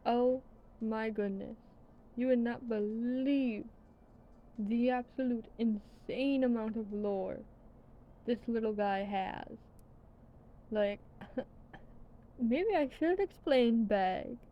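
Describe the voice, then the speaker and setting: A woman's voice: a little high, slow, pauses often. A young woman rambling casually in a vlog, tired and yawning, swearing now and then. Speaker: vlogger. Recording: dull lo-fi sound with faint background noise.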